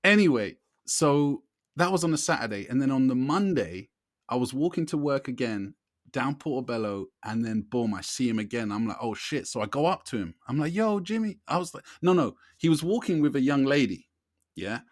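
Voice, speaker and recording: A man, co-hosting a podcast and telling a long story in a lively way, often asking "you know what I mean". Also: medium pitch, a little fast, dry recording, clean studio sound. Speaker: podcast co-host. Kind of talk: casual storytelling chat.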